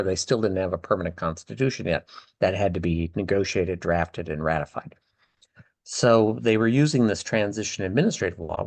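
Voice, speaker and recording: An older man speaks in a fairly low voice, explaining events step by step. He leans on words he wants to stress. The sound is dry and close, with no room around it. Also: no room sound. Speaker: former ambassador recounting diplomacy. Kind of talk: oral history interview.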